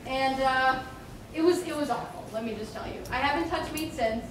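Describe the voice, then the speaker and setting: A woman's voice: sits high, moderate pace, noisy background. A young woman performer telling a chatty, self-mocking comic story on stage. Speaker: improv performer. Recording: echoey room, far mic, audience laughter.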